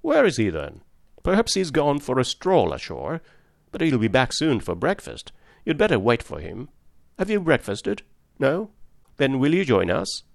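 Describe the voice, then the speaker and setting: A man's voice: medium pitch, huge pitch swings, normal speed, vocal fry, dry recording, studio quality. A man reading the part of a genial old yacht owner who talks in a hearty, hospitable way.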